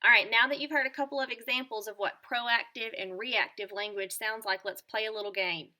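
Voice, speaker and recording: Bright, upbeat woman teacher. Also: on the high side, steady tone, brisk. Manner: upbeat, clear, encouraging teacher tone. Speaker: teacher presenting a school morning show lesson. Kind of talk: scripted lesson addressed to children.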